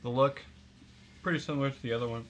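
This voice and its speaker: A man's voice: mid-range voice, steady tone, fast talker, slight background noise. A young man co-hosting a snack tasting, casual and joking, stumbling over foreign words. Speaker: co-host of a snack tasting show. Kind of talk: casual chat.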